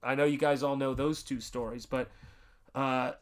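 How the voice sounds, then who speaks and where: A man's voice: medium pitch, steady tone, normal speed. A man from Tennessee chatting casually on a live art stream, rambling through a story and greeting viewers in the chat. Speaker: livestreaming artist.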